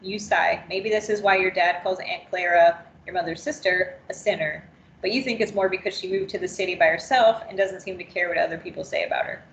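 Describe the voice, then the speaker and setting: A woman's voice: lowish voice, fairly quick, highs cut off, slight background noise. Woman trainer reading a roomy story. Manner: steady second-person storytelling. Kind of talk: reading an interactive story aloud.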